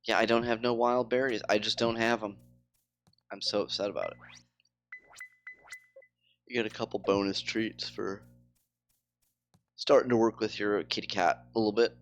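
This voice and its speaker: A man's voice: fairly low pitch, fairly even intonation, moderate pace, pauses often, a bit bright, faint music behind. A man chatting casually on a live game stream, rambling with lots of fillers.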